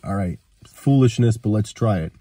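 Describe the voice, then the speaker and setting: With lively intonation at normal speed, his lowish voice sounds warm and husky, with no echo. The man has a cold and rambles through a personal story, acting out the quoted dialogue.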